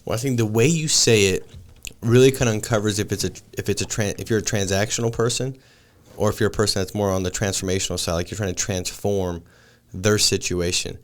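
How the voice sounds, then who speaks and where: A man's voice: on the low side, steady tone, a little fast. A man in his thirties hosting a casual podcast chat, laid-back and calling his guest dude and man. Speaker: podcast host.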